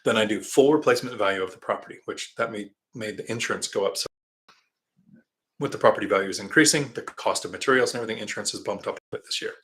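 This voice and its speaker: A middle-aged man hosting a live stream, chatting casually, reading viewer comments aloud and drifting into rambling anecdotes from a quiet spot. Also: on the low side, quick pace.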